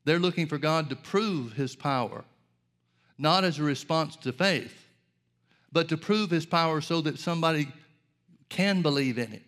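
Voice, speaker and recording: Earnest preacher man, slightly high voice. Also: normal speed, a bit bright. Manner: earnest, rhetorical questions, addresses listeners as folks. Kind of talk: sermon.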